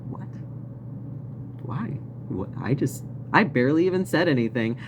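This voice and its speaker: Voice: medium pitch, expressive, normal speed, background noise. A vlogger telling a story in a casual, rambling rant, swearing often and laughing now and then. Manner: profane, rambling, frequent laughs.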